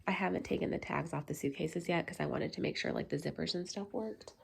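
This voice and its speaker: Chatty young woman, gravelly and low. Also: fast talker. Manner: chatty, filler-heavy, speaks softly at times. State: congested, slightly nasal. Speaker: vlogger. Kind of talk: casual vlog chat. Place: at home, bedroom.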